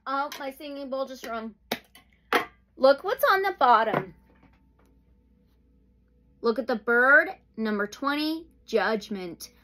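A woman giving a pick-a-pile tarot reading, slow and soothing, with sudden excited outbursts. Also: sits high. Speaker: tarot reader.

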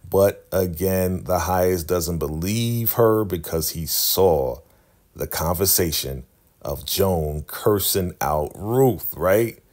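Low-voiced, chatty male recap host. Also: takes it slowly. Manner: chatty, animated storytelling. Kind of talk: casual episode recap.

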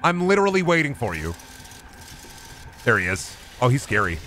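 A young man gives live gameplay commentary in a bright, forward voice that swings widely up and down. He swears freely and yelps and taunts as he plays, with a faint hiss of noise behind him. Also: mid-range voice, normal speed. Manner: excitable, swears often, yelps and taunts the game. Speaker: gaming streamer.

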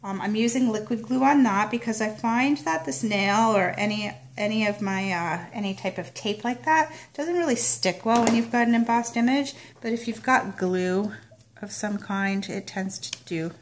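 A woman's voice: mid-range voice, normal speed, a little hiss or hum. A woman demonstrating card making, chatting casually as she works and narrating each step. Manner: chatty, self-narrating while working. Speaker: papercraft demonstrator. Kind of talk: casual crafting tutorial.

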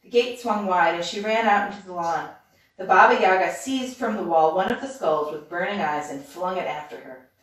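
A woman reads a fairy tale aloud as a bedtime story, keeping her narration steady and even. She sits well away from the mic, and her voice rings around a very echoey room. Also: fairly low pitch, moderate pace. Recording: roomy, distant mic.

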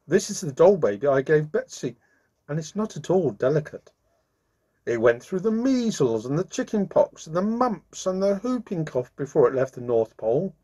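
A man voicing a merry, kindly old Santa Claus who talks in a hearty, brisk way. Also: on the high side, sing-song, warm tone, husky, pitched above the performer's own voice. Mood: reassuring.

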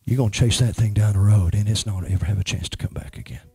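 A man's voice: on the low side, rapid-fire, creaky, mellow, breathy edge, no room sound. A man ministering as a prophet, speaking emphatically and praying over a woman in church. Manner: emphatic, prays over a person.

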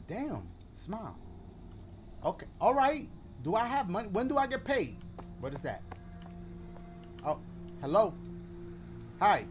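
A man hosting a let's play, commenting on the game in an animated, joking, slangy way. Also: sits high, unhurried, long pauses, a little hiss or hum. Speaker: gaming video host.

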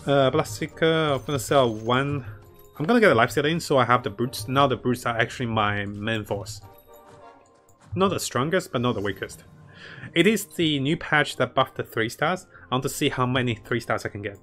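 Over soft background music, a man streams himself playing a strategy game, commentating live, chatting with viewers, and laughing often. His mid-range voice is expressive and fairly bright, at a normal speed.

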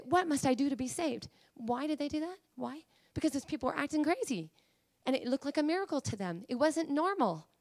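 A woman preacher giving an emotional, passionate sermon, swinging between hushed talk and fiery proclamation. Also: high-pitched, dry recording. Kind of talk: Pentecostal-style sermon.

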